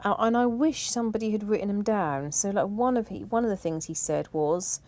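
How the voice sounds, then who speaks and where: A woman's voice: mid-range voice, brisk, a little mellow. A middle-aged woman chatting in a rambling way, with asides and laughter, as a decluttering vlogger. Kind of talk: casual chat.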